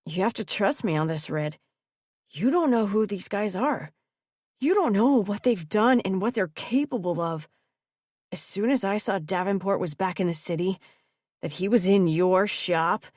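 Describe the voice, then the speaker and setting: A woman's voice: lively intonation, moderate pace, a little mellow, dry recording, studio quality, natural voice. A woman voicing a bitter young man who holds a gun and talks through his teeth. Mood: grim. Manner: low, clipped and hissing.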